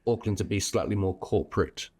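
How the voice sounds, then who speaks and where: Male host, lower pitch, laid-back interviewer who affirms and prompts. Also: brisk. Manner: relaxed, affirming, asks open questions. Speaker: podcast host. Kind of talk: casual interview chat.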